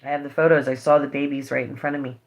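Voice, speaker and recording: A woman's voice: very deep voice, little pitch movement, racing. A woman vlogger talking straight to her viewers, earnest and impassioned, emotional and holding back tears. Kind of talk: direct-to-camera vlog update.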